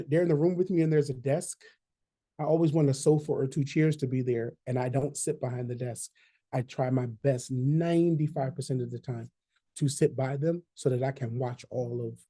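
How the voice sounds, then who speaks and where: Guy trainer, kinda high voice but really dark and mellow, chatty, keeps saying "right?". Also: husky. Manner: conversational, repeats key phrases, asks "right?". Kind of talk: online training talk.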